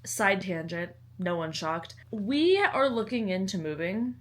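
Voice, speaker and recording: A woman's voice: medium pitch, lively intonation, measured pace. A young woman with a Southern American lilt, talking straight to camera in a casual book vlog. She is chatty and bubbly, with playful dramatic swings in her delivery. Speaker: book vlogger.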